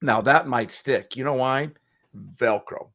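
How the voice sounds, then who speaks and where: A man's voice: mid-range voice, unhurried, fairly bright tone. A man co-hosting a casual chat who speaks at school assemblies, telling motivational stories and acting out the people in them. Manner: motivational storytelling, acts out quoted people.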